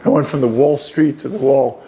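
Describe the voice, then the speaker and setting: A man teaching an informal class as a rabbi, an animated storyteller who jokes and goes off on asides. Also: mid-range voice, moderate pace, a little hiss or hum. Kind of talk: informal lecture. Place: study hall.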